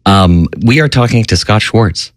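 A man's voice: fairly low pitch, lively intonation, measured pace, dry recording, clean studio sound. A man hosting a podcast, chatting loosely and joking, with the odd swear word. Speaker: podcast host. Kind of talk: casual chat.

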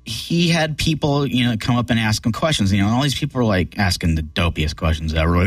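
A man's voice: lowish voice, quick pace, hardly any pauses, no echo, distant mic. A man telling a long story in casual chat, rambling with many fillers and swearing freely.

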